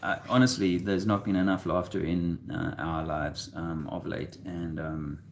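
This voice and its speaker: A man co-hosting a casual chat, rambling and halting, with many fillers and restarts. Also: sits low, level tone, slight background noise. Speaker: co-host.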